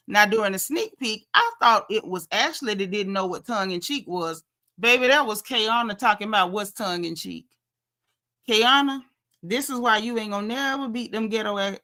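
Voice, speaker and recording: Animated bright-voiced woman recapping gossip. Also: medium pitch. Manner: animated, gossipy, quotes people in lively asides. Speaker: reality TV recap host. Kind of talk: casual recap chat.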